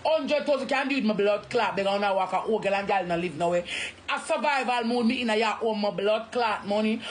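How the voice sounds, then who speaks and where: A Jamaican woman vents on a live stream in an angry, cursing rant, circling back to the same points. Her voice sits at a middle pitch for a woman. Faint noise runs under the recording. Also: fairly quick.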